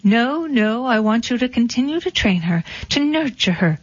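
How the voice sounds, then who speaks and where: A woman's voice: a little high, expressive, normal speed, dry recording. Storybook prince, young man, glib and persuasive, read by a woman, muffled dry recording. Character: smooth-talking money-minded young male prince. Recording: dull lo-fi recording.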